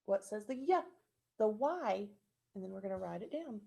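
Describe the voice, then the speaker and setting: A woman's voice: mid-range voice, lively intonation, moderate pace, vocal fry, warm tone. A woman teacher giving a recorded phonics lesson to young children, spelling words out letter by letter and clapping out syllables.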